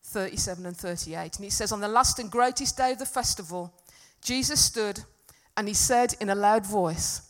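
A woman preaching a sermon to a congregation, earnest and emphatic, swinging from loud peaks to soft, quiet stretches. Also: mid-range voice, moderate pace, hardly any pauses. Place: church hall with congregation.

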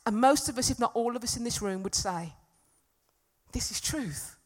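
A woman delivering a sermon in a church hall, with a voice sitting a little high. She talks earnestly, rising to loud emphatic peaks and then sinking back to a soft, confiding tone. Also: fast talker. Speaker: preacher.

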